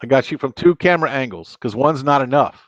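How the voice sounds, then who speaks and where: A man's voice: medium pitch, animated, fast, no room sound, muffled recording. A man hosting a casual live stream, talking and joking straight to his viewers. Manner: chatty, joking, talks to viewers directly.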